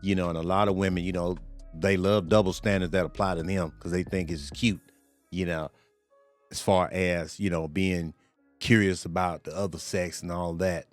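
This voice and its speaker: A man's voice: low voice, steady tone, normal speed, dry recording, soft background music. A male host giving rambling reaction commentary on a video clip, padding his talk with "you know" and "or whatnot".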